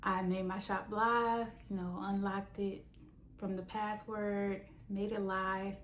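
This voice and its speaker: A young woman, a small business owner, telling a story in a casual vlog with animated, mock-dramatic flair. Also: mid-range voice, slow, long pauses, slight background noise. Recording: roomy echo.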